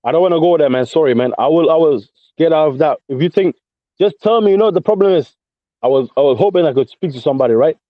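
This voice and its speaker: Talking fast at a fairly high pitch, this London-accented man has called into a voice chat to rant. He's combative, goes over the same points again and again, and throws mate and bro at everyone; the lo-fi audio is dull, with no room sound.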